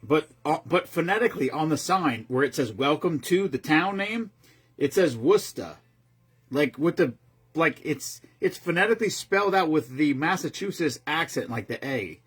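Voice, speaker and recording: Casual host, man in his fifties, very husky and raspy, lively rambling delivery. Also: a little high, moderate pace. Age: 50s. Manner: rambling and profane, with frequent restarts. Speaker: streamer host. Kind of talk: casual chat.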